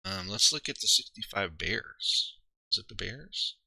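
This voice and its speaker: Casting note: male streamer with a low, bright voice, rambly casual chat, lively ups and downs, dry close mic. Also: measured pace, vocal fry, slightly rough, dry recording. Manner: rambling, thinking aloud with many fillers and restarts. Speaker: streamer and league player.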